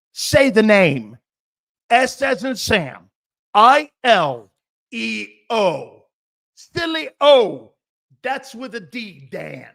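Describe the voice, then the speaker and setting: A man hosting a sports talk stream, brash and profane, reading chat comments and firing back with loud outbursts and mocking asides. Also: on the high side. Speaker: sports talk show host.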